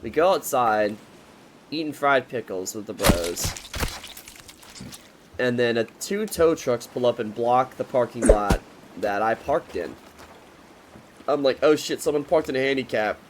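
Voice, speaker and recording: A man's voice: medium pitch, lively intonation, unhurried, long pauses, noisy background. A man in his twenties telling a rambling, profane storytime in a casual, joking way. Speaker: vlogger.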